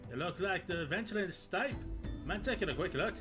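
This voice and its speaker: Worried townsfolk from a video game, voiced by a man in one borrowed accent, pitched higher than plain talk and pushed louder. The lines swing up and down lively, with game music underneath. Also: fairly quick. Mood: alarmed. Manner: same put-on accent for every character.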